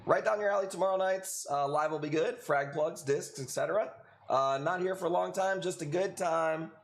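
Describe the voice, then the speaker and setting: A laid-back, slangy man hosts a casual live stream selling corals, greeting viewers by name. His slightly high voice is gravelly and moderately paced. The recording has an echoey room with faint ambience.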